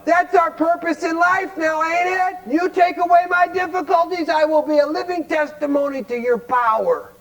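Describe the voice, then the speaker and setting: A man's voice: very high-pitched, moderate pace, hardly any pauses, a bit bright, dull audio. A man from Cleveland, Ohio, giving a folksy, blunt recovery workshop talk, constantly quizzing his audience with rhetorical questions. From Cleveland, Ohio, United States.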